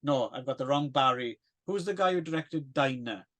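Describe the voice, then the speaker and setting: A man's voice: mid-range voice, moderate pace, a bit bright. A man co-hosting a casual film podcast, rambling and hesitant with plenty of fillers and self-deprecating asides. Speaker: podcast co-host.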